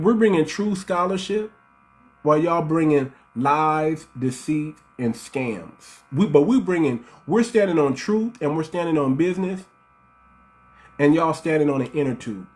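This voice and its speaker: A man on an online panel talks in a defiant, taunting way and hammers his points with repetition. His voice sits a little high for a man. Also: unhurried, darkish tone. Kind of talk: opinionated online panel talk.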